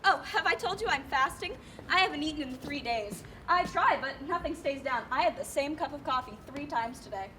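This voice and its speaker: A woman's voice: sits high, lively intonation, brisk, few pauses, bright, forceful tone, a little hiss or hum. A woman playing a distraught, pestering woman petitioner in a live stage play, whiny and theatrical, recorded on a school stage. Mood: melodramatic. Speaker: stage actor.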